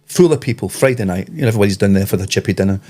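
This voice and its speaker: Husky Scottish man telling rambling stories. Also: on the low side, rapid-fire. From Scotland. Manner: rambling, animated storyteller. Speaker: podcast co-host. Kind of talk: casual chat.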